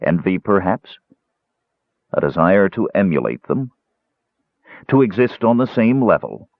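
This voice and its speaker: A man's voice: deep voice, big pitch swings, a little slow, vocal fry, no room sound, full character voice. A man voicing a stern ghostly old elf cleric. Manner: stern, solemn. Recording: tinny phone-like dry sound.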